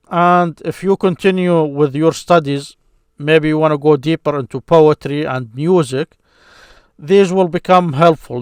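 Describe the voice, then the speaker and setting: A man's voice: a little high, clear, resonant tone, no room sound, clean studio sound. A man teaching an Arabic grammar lesson, speaking patiently and sounding out syllables again and again. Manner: slow, patient, repeats syllables aloud. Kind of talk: screen-share grammar lesson.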